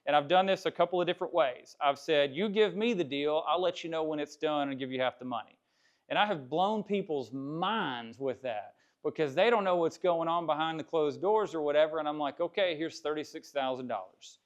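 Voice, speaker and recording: Male seminar instructor, slightly high voice, candid and chatty, dull lo-fi recording. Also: a little fast. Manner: candid, conversational, repeats phrases. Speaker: real estate class instructor. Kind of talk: live seminar talk. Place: classroom with cameras. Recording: dull lo-fi sound.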